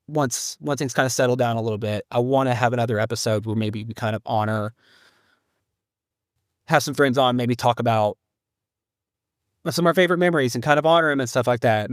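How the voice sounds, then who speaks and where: A grieving man records a halting, rambling solo podcast update, restarting his sentences as he searches for words. His voice sits at an ordinary middle pitch and comes across close and dry, with no room sound around it. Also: smooth, no echo. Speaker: podcast host.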